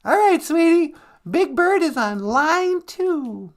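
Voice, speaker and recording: A man's voice: extremely high pitch, very animated, slow, voice pushed up, full character voice. A man doing a bubbly receptionist lady. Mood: perky. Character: chirpy young female phone receptionist.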